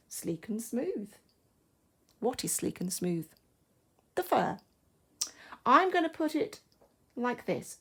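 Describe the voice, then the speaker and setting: An English woman teaching a primary school class, thinking aloud slowly and carefully as she writes, in a recorded online lesson. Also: mid-range voice. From England. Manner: slow, careful, thinking aloud while writing.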